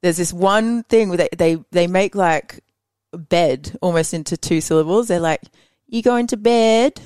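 Chatty Australian woman, low and dry. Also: fairly even intonation, moderate pace, darkish tone, no room sound. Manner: chatty, laughs often, heavy use of "like". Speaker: podcast guest. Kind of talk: casual chat.

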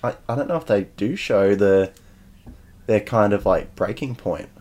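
A man's voice: fairly low pitch, normal speed, darkish tone. A man in a casual film chat who asks questions and restarts his sentences as he tries to recall scenes. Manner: questioning, stumbling restarts, laughs easily.

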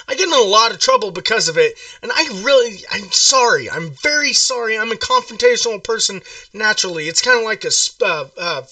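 A man on a crank phone call with a high, bright, very lively voice that swings between mumbling and angry yelling. He rambles and gets confrontational. His voice sits a little off the mic in a dry, close space. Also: no room sound, recorded from a distance. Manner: rambling, confrontational, erupting into shouts. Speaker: prank caller.

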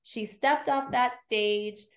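A woman's voice: fairly high pitch, takes it slowly. A middle-aged woman hosting a podcast, casually recapping scenes, acting out quotes and swearing freely. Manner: animated storyteller, acts out quotes, swears freely. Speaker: podcast host recapping episodes.

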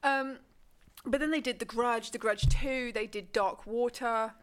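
English woman, high voice, podcast host, giggly and rambling. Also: fairly bright tone, clean tone. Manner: giggly, rambling, quick to laugh. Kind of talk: casual chat.

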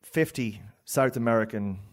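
Irish man, storyteller, rambling, animated, mid-range pitch. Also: normal speed. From Ireland. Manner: rambling and animated, with frequent restarts and laughs. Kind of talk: live story slam storytelling.

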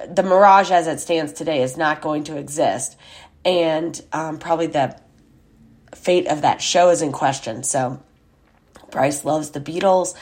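A woman's voice: sits low, a little mellow. A woman hosting a podcast, telling a rambling personal story in a chatty, casual way with lots of fillers and asides. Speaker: podcast host.

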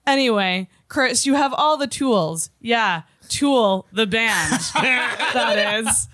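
A woman on a podcast reads listener notes very slowly, breaking into giggles as she goes. Her voice sits a little high, and it sounds dry and close with no room around it. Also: animated, fairly bright tone, no echo. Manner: giggly, reads messages aloud with frequent laughs. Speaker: podcast host reading listener messages. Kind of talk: casual podcast chat.

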